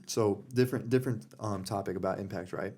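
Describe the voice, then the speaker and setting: A man's voice: lowish voice, quick pace, mellow, breathy edge. A man hosting a podcast, telling a story in a casual, rambling way with lots of fillers and restarts. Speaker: podcast host.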